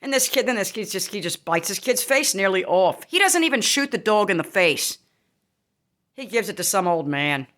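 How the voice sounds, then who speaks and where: A woman's voice: mid-range voice, very animated, moderate pace. Fiery, profane woman ranting. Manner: heated, profane, emphatic, with sudden shouts. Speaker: vlogger. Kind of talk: angry rant to camera.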